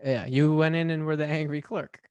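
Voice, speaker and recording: A man's voice: fairly high pitch, fairly even intonation, fairly quick, a little mellow, clean tone, dry recording, highs cut off. A man co-hosting a podcast, chatting casually and teasing his friend with dry quips. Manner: wry, teasing interjections. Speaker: podcast co-host. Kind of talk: casual chat.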